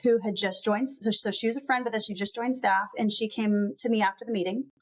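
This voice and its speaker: A woman's voice: medium pitch, steady tone, fairly quick. A woman guest on a podcast recounting a personal story, earnest and full of "um" and "like.". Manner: earnest, lots of "um" and "like".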